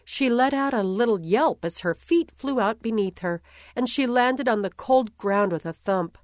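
A woman's voice: fairly high pitch, lively intonation, moderate pace, dry recording. Woman with a dry, close storytelling voice. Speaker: reader. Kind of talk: first-person story narration.

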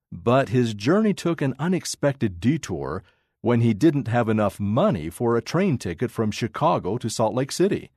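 A man narrating a children's story aloud with expressive, dramatic pacing. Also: medium pitch, no echo, clean studio sound.

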